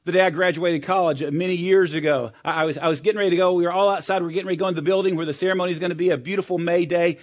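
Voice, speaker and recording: Earnest, conversational middle-aged preacher. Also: male voice, high-pitched, fairly even intonation, rapid-fire, few pauses. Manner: conversational, personal storytelling, swings between loud and soft. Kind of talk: sermon.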